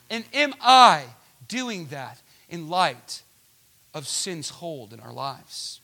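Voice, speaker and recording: A man preaches a sermon in a slow, deliberate delivery. His voice is very bright and somewhat high for a man. He puts questions to the congregation and swells into impassioned shouts. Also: sing-song. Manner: impassioned, rising to shouts at climaxes; asks the congregation rhetorical questions.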